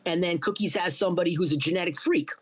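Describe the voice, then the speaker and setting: A man's voice: high-pitched, quick pace, breathy edge. A middle-aged man telling a story in a casual interview, swearing freely and acting out what people said to him. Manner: profane, animated storyteller acting out quotes. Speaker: guest, cannabis entrepreneur.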